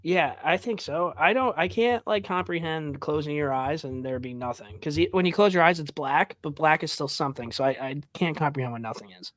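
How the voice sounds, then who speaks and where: A man's voice: a little high, fairly quick, few pauses, a bit bright, no room sound. A man co-hosting a podcast in casual chat, teasing and joking with his guests. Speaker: podcast co-host.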